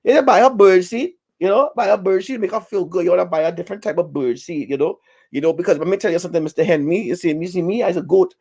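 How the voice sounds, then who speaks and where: A man's voice: high voice, quick pace, gravelly, a little mellow, slightly rough, heavily acted. A man voicing a boastful male curry goat who runs a shop and an advice hotline, with a put-on West Indian accent and a lecturing, exclaiming manner. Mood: advising. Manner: exclaiming, lecturing, sing-song.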